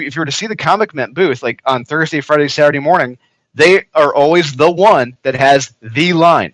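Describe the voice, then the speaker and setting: A man who creates comics, speaking as a guest in a casual interview, hesitant and full of pauses. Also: a little high, fairly bright tone, no room sound, poor audio. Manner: hesitant, lots of "uh" fillers and restarts.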